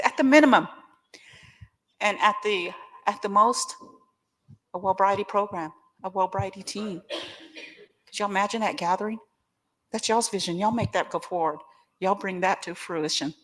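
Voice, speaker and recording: Middle-aged woman, recovery-meeting guest speaker; candid, heartfelt, quick to joke with the room. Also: mid-range voice, a bit bright. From Oklahoma. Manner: candid, emotional and joking, addresses the crowd directly. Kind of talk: personal testimony talk.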